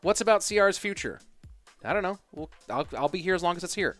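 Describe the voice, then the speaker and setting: A man with a slightly high voice casts a live esports stream, talking loosely and answering chat questions off the cuff. He fills his pauses with ums and uhs, and faint music plays underneath. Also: expressive, fairly bright tone. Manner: casual, answers chat questions with frequent fillers.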